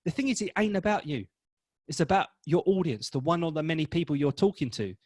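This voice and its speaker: An energetic man coaching the viewer on public speaking, punchy and blunt, with a slightly higher voice for a man. The sound is close and dry, with hardly any room around it. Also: brisk, no echo. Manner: energetic, emphatic and blunt, with mild swearing. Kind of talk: direct-to-camera coaching talk.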